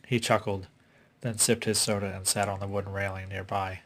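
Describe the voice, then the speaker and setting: A man reading a suspense story aloud in a steady, unhurried way. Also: on the low side. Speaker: reader. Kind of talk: audiobook story narration.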